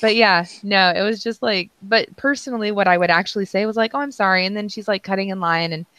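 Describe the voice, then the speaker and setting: A woman's voice: medium pitch, fast talker, fairly bright tone, no room sound. A young woman co-hosting a casual chat, self-deprecating and often breaking into laughter. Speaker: podcast co-host.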